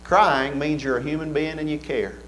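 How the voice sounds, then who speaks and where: Earnest preacher man, higher voice. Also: fairly even intonation, moderate pace, a bit bright, slight background noise. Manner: earnest, preaching with rising fervor and repeated phrases. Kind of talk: sermon. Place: church.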